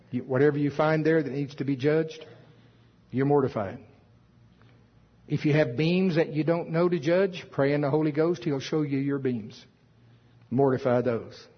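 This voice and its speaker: A man's voice: a little high, husky, dull audio. A man preaching a sermon with emphasis, reading scripture aloud in old wording. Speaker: pastor.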